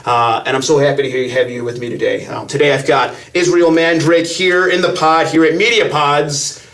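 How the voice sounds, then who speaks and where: A man's voice: a little high, steady tone, moderate pace, a bit bright, far from the mic. A man hosting a podcast, telling stories in a brash, self-assured way. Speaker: podcast host. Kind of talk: casual podcast chat.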